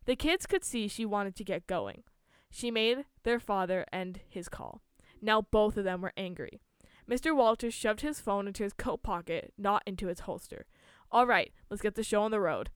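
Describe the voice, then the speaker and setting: A woman's voice: medium pitch, normal speed, clean tone, no room sound. A woman reading a spooky story aloud, with small slips and restarts as she goes.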